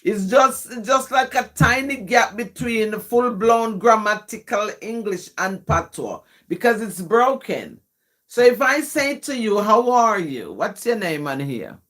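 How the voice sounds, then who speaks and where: A woman's voice: mid-range voice, sing-song, a little slow, fairly bright tone. A woman with a Jamaican accent, a poet on a live stream, reading her poetry and patiently explaining to viewers, often checking in with "yes?".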